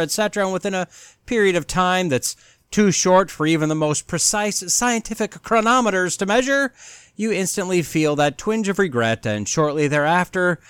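A man hosting a podcast, delivering a scripted comedic monologue with theatrical, sarcastic flair and dramatic pauses. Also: a little high, dry recording, clean studio sound. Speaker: podcast host.

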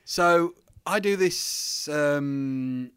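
A man's voice: fairly high pitch, very slow, fairly bright tone, clean tone, no room sound. British male guest, chatty storyteller, dry close sound. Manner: chatty, laughs often. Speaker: guest, former wrestler. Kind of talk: casual storytelling.

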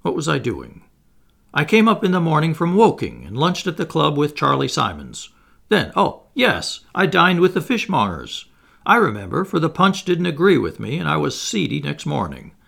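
A man voicing a respectable elderly English gentleman who is hesitant and dazed, turning nervously jovial. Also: on the high side, huge pitch swings, normal speed, vocal fry, pitched above the performer's own voice, exaggerated voice. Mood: bewildered, jovial.

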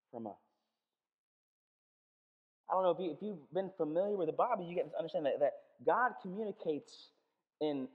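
Pastor in a church hall, lively sermon delivery, repeats and restarts, muffled lo-fi sound. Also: medium pitch. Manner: animated, acts out little dialogues, frequent restarts. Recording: echoey hall, dull lo-fi sound.

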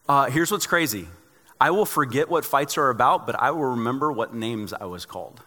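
A male pastor delivers a sermon in a bright, forceful voice. He preaches conversationally and drops in joking stories from his own life. His voice rings with the long reverb of a large church sanctuary. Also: mid-range voice, animated, brisk.

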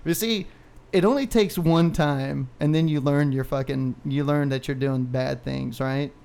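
A man's voice: mid-range voice, unhurried, vocal fry, darkish tone, clean tone. A man in his thirties, a podcast co-host, telling a long personal story in casual, profane, rambling talk with frequent laughs.

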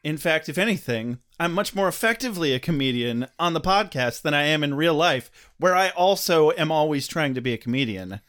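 A man's voice: fairly high pitch, expressive, a little fast, hardly any pauses, a bit bright, smooth. A man co-hosting a comedy podcast, bantering casually in a sarcastic tone. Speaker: podcast co-host.

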